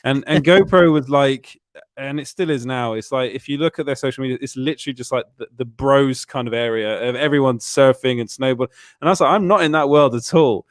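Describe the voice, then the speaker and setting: Young English male co-host, casual chat, laughs at himself, mid-pitched, dry mic. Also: a little fast, no echo. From England. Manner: chatty, laughing, self-deprecating storyteller.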